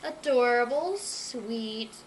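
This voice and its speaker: A woman's voice: on the high side, animated, slow pace, a little hiss or hum, poor audio. A woman voicing a confident, knowing female dog who speaks cool and matter-of-fact with a teasing edge, in a storybook reading. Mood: sly.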